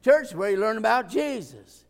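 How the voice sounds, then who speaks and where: High, gravelly preacher with hall echo. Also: male voice, expressive, moderate pace. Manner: folksy, emphatic, swings from quiet asides to shouted points. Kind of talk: sermon.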